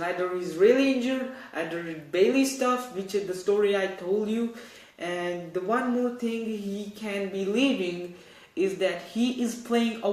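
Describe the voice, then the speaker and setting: A man's voice: sits high, reverberant, rough recording. A man hosting a casual wrestling news show, rambling and correcting himself as he talks. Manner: rambling, self-correcting, animated. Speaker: host.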